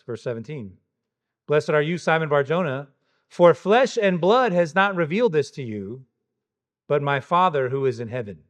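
A man preaching an expository sermon verse by verse, emphatic and full of pointed rhetorical questions. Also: fairly high pitch.

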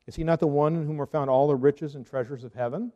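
A man giving a theology talk as a Reformed pastor, arguing earnestly and firing off rhetorical questions. His voice is mellow and warm. It trails off in a hall with a long reverb. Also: a little high, fairly even intonation, fast, lo-fi sound.

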